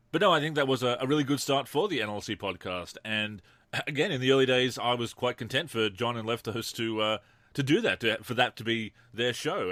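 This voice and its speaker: A man's voice: medium pitch, fairly bright tone, dry recording. A man hosting a podcast, chatting casually and self-critically, with stammered restarts. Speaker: podcast host.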